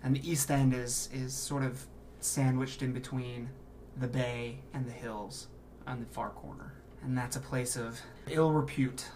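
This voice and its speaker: A man narrating as game master, laying out scenes in a relaxed, descriptive voice. He restarts phrases as he thinks aloud. A faint hiss of ambience sits under his voice. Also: mid-range voice, measured pace, few pauses.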